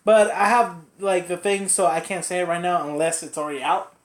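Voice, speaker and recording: A young man chatting on a podcast, telling rambling stories and acting out other people's lines in high voices. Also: brisk. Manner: rambling storyteller who acts out quotes in high voices. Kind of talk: casual podcast chat. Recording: roomy echo.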